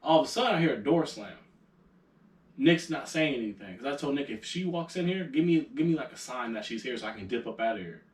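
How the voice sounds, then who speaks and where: A man's voice: medium pitch, animated, quick pace. A young man co-hosting a podcast, telling a story in casual chat, laughing and acting out the quotes. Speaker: podcast co-host. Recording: echoey room, a little far from the mic.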